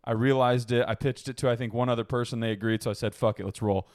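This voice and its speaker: A man's voice: mid-range voice, steady tone, fast, a little mellow, no echo, studio quality. A man co-hosting a podcast in casual chat, rambling, laughing often and swearing freely. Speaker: podcast co-host.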